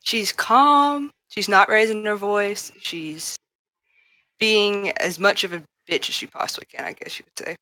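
A woman playing a tabletop game, describing her character in a casual, sarcastic way. Her voice is bright and sits close and dry. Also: mid-range voice, a little slow, no room sound. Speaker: player.

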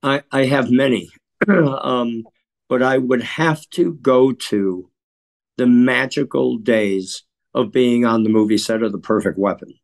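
A man from Chicago, a guest in an interview, telling stories in a measured, earnest way and often clearing his throat. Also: medium pitch. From Chicago, USA. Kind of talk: reflective interview storytelling.

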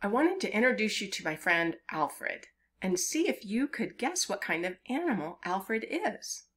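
Bright-voiced woman leading children's story time. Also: medium pitch, very animated, measured pace, breathy edge. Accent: Southern US. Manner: sing-song, playful, coaxing children to join in. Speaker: children's librarian.

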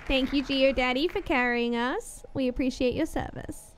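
A young woman streaming a game, gushing and excitable, swearing casually as she reacts. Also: high voice, moderate pace, a faint crowd, a little hiss or hum. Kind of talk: gaming reaction commentary.

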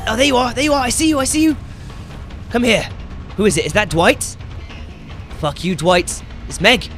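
A young man commentating his own gameplay as he plays, excitable and swearing loudly whenever things go wrong. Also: sits high, normal speed, faint music behind. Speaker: gaming YouTuber.

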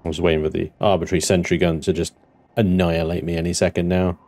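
A man narrating his own gameplay, excitable and talking to himself, swearing now and then. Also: sits low, fast. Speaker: gameplay commentator. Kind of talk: let's play commentary.

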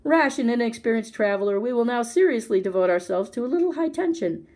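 A woman's voice: a little high, lively intonation, quick pace, darkish tone. A woman voicing a pompous, wordy male python who speaks in grand formal phrases, in a storytime read-aloud. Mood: pompous, urgent. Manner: pompous, elaborate formal speech.

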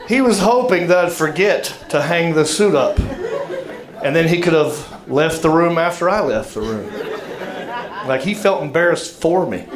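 A man's voice: on the high side, heavy background noise. A middle-aged man with a Southern US accent telling a stand-up story in a drawling, self-mocking way, building to punchlines. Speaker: stand-up comedian. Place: comedy club stage. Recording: echoey stage with crowd laughter. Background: audience laughter.

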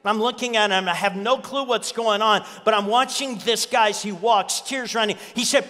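A man with a high, ringing voice preaches to his church, telling stories and hammering points home by repeating them. His voice carries a long reverb through the hall. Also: steady tone, moderate pace, few pauses, bright, forceful tone. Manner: storytelling preacher, repeats key lines for emphasis. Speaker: pastor. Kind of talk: sermon.

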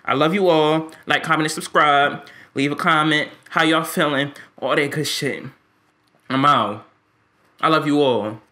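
A man's voice: on the high side, a little slow, pushed and bright. A man giving ranting, profane commentary on a game he is fed up with, stammering when frustrated. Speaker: gaming YouTuber.

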